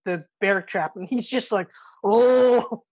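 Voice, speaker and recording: Woman co-host, excitable, swears a lot, acts out scenes, lo-fi sound. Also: mid-range voice, normal speed. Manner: animated retelling, profane, acts out characters' lines. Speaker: podcast co-host. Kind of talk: casual movie review chat.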